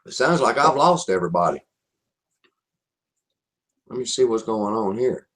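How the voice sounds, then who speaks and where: A man's voice: on the low side, animated, moderate pace, fairly bright tone. A man with a Southern US accent presenting a live online marketing webinar, speaking emphatically and repeating his key phrases.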